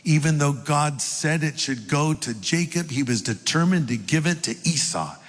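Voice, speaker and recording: A man's voice: a little high, expressive, normal speed, faint music behind. An older man and pastor preaching a sermon, telling stories with folksy, self-deprecating humor. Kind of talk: sermon with storytelling. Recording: long hall reverb.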